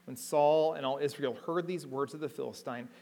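A man preaching a sermon, reading scripture aloud and retelling it in plain everyday words, slowing down and lifting his voice to stress key words. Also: on the high side, fairly even intonation, gravelly, a little mellow. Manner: retells the story in everyday paraphrase between readings.

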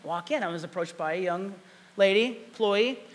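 Preacher guy in his 40s, high voice, gets real animated telling stories. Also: quick pace. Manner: animated storytelling, emphatic. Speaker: pastor. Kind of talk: sermon.

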